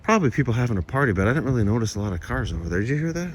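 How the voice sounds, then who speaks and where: A man vlogging on a walk with his cat outdoors, chatting in a soft, rambling way. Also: medium pitch, big pitch swings, racing. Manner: soft-spoken, rambling, coos baby talk to his cat. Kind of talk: casual chat, talking to his cat and viewers. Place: outdoors in woods near a house. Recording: noticeable outdoor background noise.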